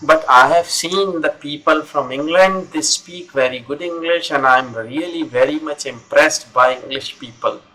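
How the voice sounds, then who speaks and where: A man's voice: a little high, unhurried, hardly any pauses, bright, forceful tone, low-quality recording. A man teaching English in an online conversation class, speaking encouragingly and repeating phrases over a video call.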